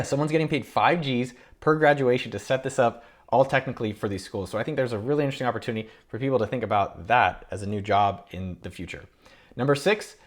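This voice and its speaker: A man in his thirties, an entrepreneur hosting a casual talk to camera from his home office, running through a list of ideas with upbeat enthusiasm. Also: mid-range voice. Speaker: entrepreneur and YouTube host.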